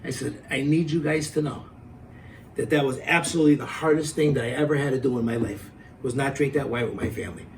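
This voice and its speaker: A middle-aged man telling a story in a casual, animated way, acting out the quotes and laughing as he goes. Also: medium pitch, fast talker, recorded from a distance, a little hiss or hum, low-quality recording.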